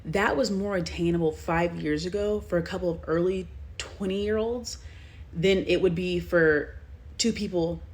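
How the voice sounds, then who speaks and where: A woman's voice: lowish voice, a little slow, darkish tone. A woman in her twenties from Texas, speaking earnestly and directly to her viewers in a vlog monologue. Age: 20s.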